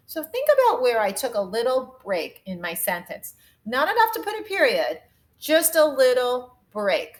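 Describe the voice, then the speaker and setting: A young adult woman teaching a phonics lesson to young children from home, in a slow, sing-song teacher voice that exaggerates the rhythm of sentences. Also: a little high, sing-song, low-quality recording.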